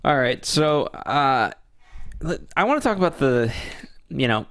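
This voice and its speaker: A man's voice: mid-range voice, measured pace. A man co-hosting a movie review show, talking casually and rambling with frequent restarts. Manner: rambling, with many restarts, animated. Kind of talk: casual film review chat.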